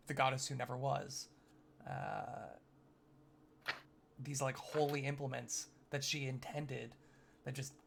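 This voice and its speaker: A man's voice: mid-range voice, vocal fry, a little hiss or hum. A man narrating a tabletop game as game master, rambling with fillers and joking asides.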